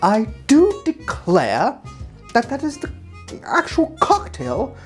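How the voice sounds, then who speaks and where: A man voicing a grand, old-fashioned Southern gentleman in a put-on American Southern accent, drawling slowly. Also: very high-pitched, wildly swooping pitch, soft background music, pitched above the performer's own voice, full character voice. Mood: grandiose. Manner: slow, theatrical drawl.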